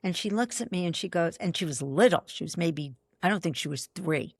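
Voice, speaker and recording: A woman's voice: lowish voice, expressive, gravelly, husky, dry recording. An older woman guest on a podcast, telling stories emphatically and acting out the dialogue. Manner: emphatic, acts out dialogue, quick asides. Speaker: podcast guest, belief expert. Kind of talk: animated storytelling in conversation.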